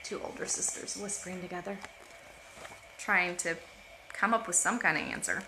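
A woman reading a picture book aloud to children at home, expressive and pausing for asides about the pictures. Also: lowish voice, noisy background. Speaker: storytime reader. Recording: roomy home echo.

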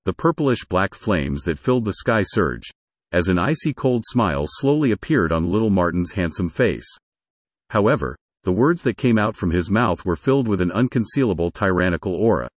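A man narrating a fantasy story in a steady storytelling manner. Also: deep voice, normal speed, husky, no echo.

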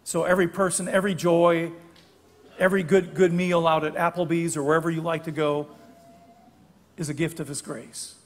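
An older man preaching a sermon in a church sanctuary, his slightly high voice carrying a long reverb tail. He explains the text in a conversational, teaching way and stops to correct his own wording. The hall rings behind every phrase. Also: flat delivery, moderate pace. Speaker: guest preacher.

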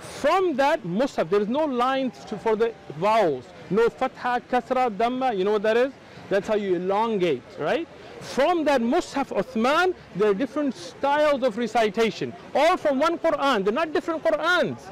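A man's voice: very high-pitched, animated, moderate pace, poor audio. An American man debating religion on a street, insistent and lecturing, talking over the other man. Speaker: Muslim debater.

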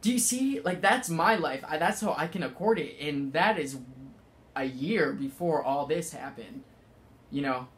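A man giving a casual spiritual talk, rambling with many fillers and halting restarts. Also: on the high side, animated. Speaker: spiritual vlogger.

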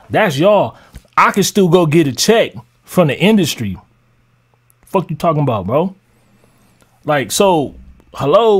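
A man ranting on a live stream to his chat as a music producer, heated, mocking and profane. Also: sits high.

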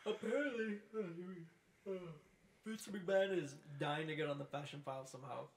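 A man's voice: a little high, normal speed. A man co-hosting a wrestling podcast, talking with enthusiasm, laughing as he speaks and swearing casually. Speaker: podcast co-host. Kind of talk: casual chat.

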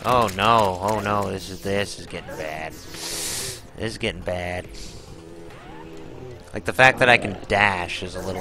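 A gaming channel host with a deep voice gives live gameplay commentary, exclaiming, groaning and swearing as he battles a boss. The recording is rough.

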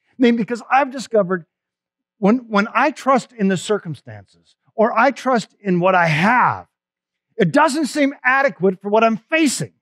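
High-voiced man preaching, dry close sound. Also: lively intonation, a little slow, a bit bright, no echo. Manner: conversational storytelling, emphatic, frequent restarts. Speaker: pastor. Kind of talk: Easter sermon.

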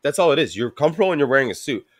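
A man's voice: medium pitch, very animated, very fast, dry recording, clean studio sound. A man hosting a casual chat, teasing his friends with crude jokes and frequent laughter.

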